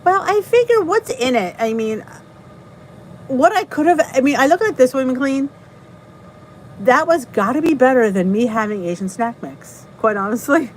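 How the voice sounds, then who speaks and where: A woman's voice: high voice, animated, normal speed, a little hiss or hum, low-quality recording. A middle-aged woman with a New Jersey accent, hosting a casual live stream, chatting, greeting viewers and laughing at herself. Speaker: channel host reading live chat.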